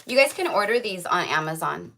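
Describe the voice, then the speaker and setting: A woman's voice: lowish voice, sing-song, a little fast, creaky, bright, forceful tone, slight background noise. A woman giving a casual tarot reading to camera, rambling and filling her talk with "like" and "right?". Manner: chatty, rambling, full of "like" and "right?". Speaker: tarot reader.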